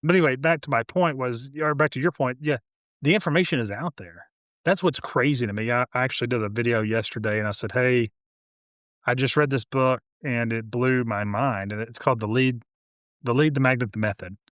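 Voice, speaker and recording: A man who builds homes, a guest in a casual interview, telling animated stories full of quoted dialogue. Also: mid-range voice, brisk, no room sound, clean studio sound. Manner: animated storyteller, quoting others.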